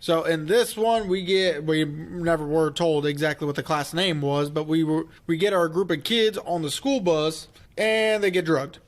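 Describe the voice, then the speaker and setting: Brief: male film-review co-host, higher register, laid-back plot explainer. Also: moderate pace, few pauses. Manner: explanatory, recapping plot with fillers. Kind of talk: casual movie discussion.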